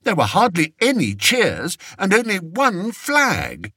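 A man's voice: wildly swooping pitch, slow, pushed and bright, slightly rough, no room sound, clean studio sound, heavily acted. A man doing a fretful vain young king. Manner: anxious, plaintive, high-pitched. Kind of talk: audiobook character voice.

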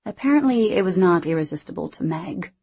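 A woman narrating a novel in the first person in a measured, reflective way. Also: lowish voice, lively intonation, mellow, breathy edge. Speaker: audiobook narrator.

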